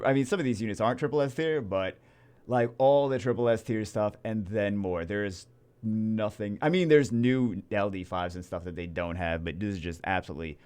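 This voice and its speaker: A man giving casual game commentary as a YouTuber, rambling and excitable with many restarts. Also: fairly low pitch, clear, resonant tone. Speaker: gaming YouTuber.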